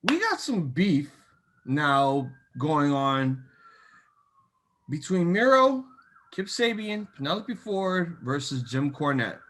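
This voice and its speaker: Young man, slightly high voice, excitable, casual wrestling podcast chat. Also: takes it slowly, a little hiss or hum. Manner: excitable, animated with many fillers. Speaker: co-host.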